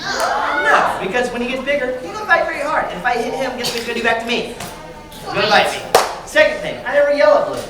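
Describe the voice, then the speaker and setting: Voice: high-pitched, animated, quick pace. An animal trainer presenting energetically to a library audience, calling out to the crowd and asking questions. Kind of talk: lively live presentation to children. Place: large indoor hall with an audience. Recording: echoey hall, distant mic, noisy crowd.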